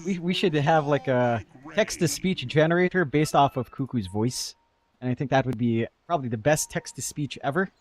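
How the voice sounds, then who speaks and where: Medium-pitched and at a normal speed, a male esports caster covers a live video game match, chatting analytically about lanes and items and joking with his partner on the broadcast. The recording is dry, and music plays behind him.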